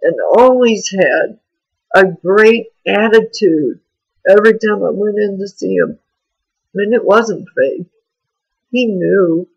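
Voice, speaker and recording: Raspy, slow-talking, frank video diarist. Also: mid-range voice, muffled recording. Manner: frank, rambling, confessional. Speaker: vlogger. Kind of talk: candid personal video diary.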